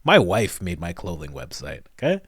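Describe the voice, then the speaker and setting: A man doing comedic reaction commentary, animated and mock-incredulous, often breaking into laughter. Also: low-pitched, normal speed, slightly rough, dry recording, studio quality. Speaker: commentary host.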